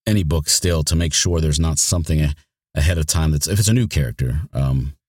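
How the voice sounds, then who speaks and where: A man's voice: a bass voice, fairly quick, a little mellow, dry recording, clean studio sound. A man who narrates audiobooks, talking casually in an interview, rambling and restarting his sentences often. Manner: rambling, with many restarts and repeated words.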